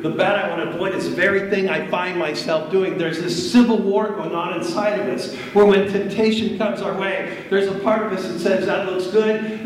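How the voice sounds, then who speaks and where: A man preaching a sermon as pastor, building intensity with repetition. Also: a little high. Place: church sanctuary. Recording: echoey room from far off.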